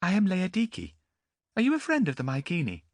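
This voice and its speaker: A man voicing a curious, gentle young noblewoman in an audiobook, speaking in a soft, questioning way. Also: high-pitched, wildly swooping pitch, fairly quick, dry recording, pitched above the performer's own voice, full character voice.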